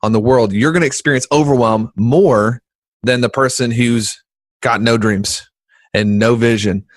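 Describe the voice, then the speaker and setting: A man co-hosting a business podcast in a casual, joking chat, animated and quick to poke fun. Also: medium pitch, dry recording. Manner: animated, joking, jumps into voices when quoting people. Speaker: podcast co-host.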